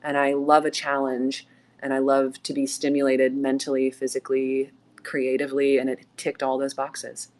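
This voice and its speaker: A woman's voice: extremely low pitch, monotone, normal speed, darkish tone. A woman actress guesting on a live audio chat, telling stories animatedly, laughing often and acting out quotes. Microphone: remote audio call mic.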